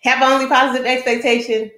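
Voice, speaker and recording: A woman hosting a talk show, giving an energetic, chatty introduction and often asking her listeners "right?". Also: sits high, quick pace, echoey room. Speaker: show host.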